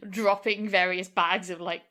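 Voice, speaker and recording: A woman co-hosting a film podcast in casual chat, quick to laugh and often restarting her sentences. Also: lowish voice, steady tone, a bit bright. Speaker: podcast co-host.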